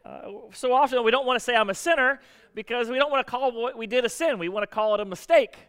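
A man's voice: extremely high pitch, fast, a bit bright, clean tone. A man preaching a sermon as pastor, talking conversationally and joking, with frequent restarts. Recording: long reverb of a church hall.

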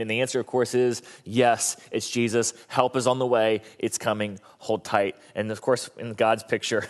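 A male pastor preaching a sermon, an animated storyteller who slips into high comic voices when quoting. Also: normal speed, hardly any pauses. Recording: long reverb of a large hall.

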